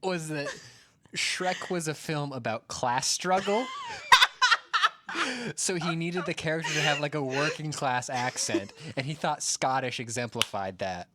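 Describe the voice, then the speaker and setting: A man co-hosting a casual video chat, talking in a wry, deadpan way. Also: on the high side, moderate pace, very noisy. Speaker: co-host.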